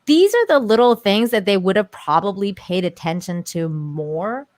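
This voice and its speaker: An opinionated woman co-hosting a casual podcast, her mid-pitched voice animated as she repeats her points. The sound is dry and close, with no room around it. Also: normal speed, no echo. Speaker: podcast co-host.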